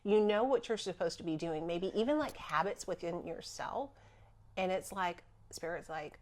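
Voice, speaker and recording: A woman's voice: lowish voice, animated, normal speed. A woman who works as a spiritual healer, talking casually on a podcast and acting out her own inner voice with laughs.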